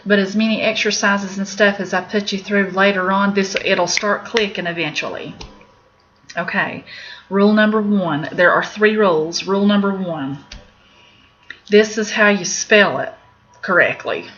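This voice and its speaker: A middle-aged Appalachian woman works as a medical office instructor, leading a casual recorded lesson on medical terms. Her mid-range voice is a bit bright and moves at a moderate pace; she's chatty, candid, and laughs at her own jokes. The lo-fi audio is slightly dull, with faint background noise.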